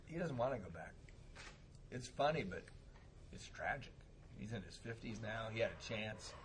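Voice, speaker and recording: A man speaking at a recovery meeting, telling a personal story in a casual, animated way and laughing often. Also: on the low side, moderate pace, slight background noise. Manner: animated, laughs often, acts out voices in quotes.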